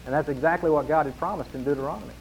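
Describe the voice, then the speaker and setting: A man's voice: a little high, racing, a little hiss or hum, rough recording. A man preaching a sermon in an earnest way, pressing his points and reading scripture with growing force.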